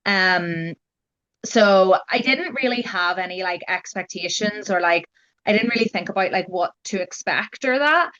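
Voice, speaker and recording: A woman's voice: medium pitch, animated, a little slow, fairly bright tone, lo-fi sound. A young adult woman, telling her story as a guest in a casual, chatty way, full of "like" and "you know". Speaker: guest sharing her genetic testing experience.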